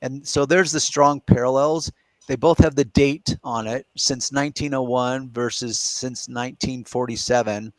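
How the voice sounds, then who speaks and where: A man's voice: medium pitch, steady tone, moderate pace, dry recording. A middle-aged man hosting a casual live question-and-answer chat, explaining his points step by step and reasoning aloud. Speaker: podcast host.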